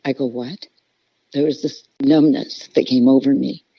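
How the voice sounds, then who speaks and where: A woman's voice: rumbling low, flat delivery, normal speed, no room sound. Middle-aged woman, podcast guest, earnest and emotional storyteller, dry lo-fi sound. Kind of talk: personal storytelling interview. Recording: dull, lo-fi podcast audio.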